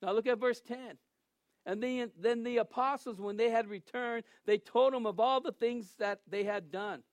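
A man's voice: very high-pitched, moderate pace, no echo. A male pastor giving a sermon in a conversational, storytelling way that turns emphatic at times.

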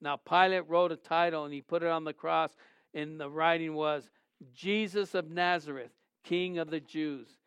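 A man's voice: fairly high pitch, steady tone, normal speed, fairly bright tone, clear, resonant tone, no echo. A man preaching a sermon, reading scripture aloud and asking his listeners questions, rising with emphasis on key words. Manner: addresses listeners directly with questions. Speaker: pastor.

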